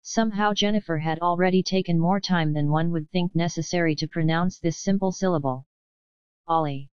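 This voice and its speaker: A woman reads a novel aloud in a measured first-person delivery. Her voice is low-pitched and smooth, recorded dry with a slightly muffled, lo-fi sound. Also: steady tone, dry recording. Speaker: audiobook narrator. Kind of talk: scripted audiobook narration.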